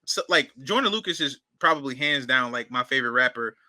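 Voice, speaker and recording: A man's voice: mid-range voice, expressive, brisk, sharp tone, no echo. A man co-hosting a casual chat, rambling with many fillers and swear words, sounding amazed. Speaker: co-host reacting to a song.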